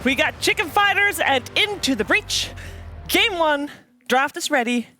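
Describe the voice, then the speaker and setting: A woman leads a live esports desk with a high, bright voice. She talks briskly and jokes as she moves the show along. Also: lively intonation, soft background music. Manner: brisk, joking, keeps the show moving. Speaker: esports broadcast host.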